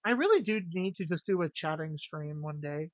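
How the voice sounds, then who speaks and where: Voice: mid-range voice, expressive, moderate pace, no room sound, muffled recording. A streamer chatting casually with viewers, jokey and loose, swearing freely. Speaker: game streamer.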